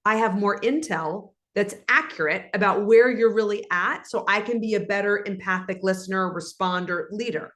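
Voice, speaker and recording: A woman guest on an interview show explains her advice in an animated, instructive way. Her voice sits in an ordinary middle pitch for a woman. She talks like a coach walking a listener through examples. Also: moderate pace, hardly any pauses. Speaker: guest, leadership speaker. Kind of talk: conversational interview.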